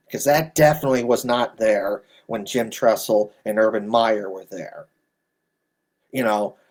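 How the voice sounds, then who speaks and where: A man in his thirties ranting bluntly in an exasperated, scolding commentary. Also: medium pitch. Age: 30s. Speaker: sports commentator.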